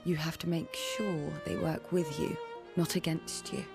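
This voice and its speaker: A calm, wise mentor speaks slowly in a low-leaning, measured voice. She teaches patiently, each phrase placed with care. A music score plays clearly beneath the game dialogue. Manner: slow, measured, gently instructive. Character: calm wise woman mentoring a young fighter.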